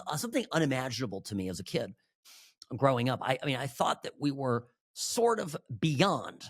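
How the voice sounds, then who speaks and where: A man from Southern California hosting a political talk show, delivering an animated, emphatic monologue with frequent restarts and asides. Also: medium pitch.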